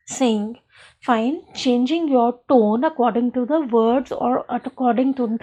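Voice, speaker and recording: A woman teacher gives a recorded school lesson. Her voice sits fairly high and she speaks slowly. She explains patiently and keeps checking in with "fine". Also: darkish tone.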